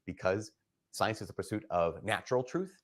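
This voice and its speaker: A man's voice: lowish voice, animated, moderate pace. A man explaining his view earnestly in a casual chat. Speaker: apologist.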